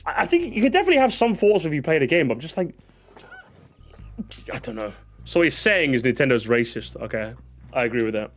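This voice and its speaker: A man's voice: mid-range voice, very animated, fast, long pauses. A young man streaming a casual reaction to comments, sarcastic and jokey, often stammering and restarting his sentences.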